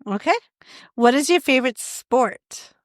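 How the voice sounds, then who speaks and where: A woman's voice: high voice, expressive, measured pace, dry recording, studio quality. Chatty young woman reading a quiz. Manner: chatty, reads quiz options aloud with laughs. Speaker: podcast co-host. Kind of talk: casual chat.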